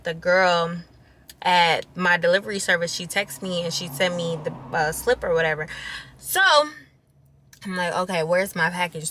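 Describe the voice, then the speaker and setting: A woman's voice: lowish voice, sharp tone. Exasperated young woman venting. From Wisconsin. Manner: venting, exasperated, swears freely. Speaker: vlogger. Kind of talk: casual vlog chat.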